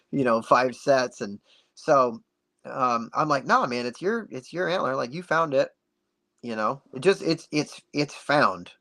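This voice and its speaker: A man guest on a podcast, telling a story in a casual, animated way and acting out the dialogue. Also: mid-range voice. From United States. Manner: animated, acts out dialogue with many "like"s.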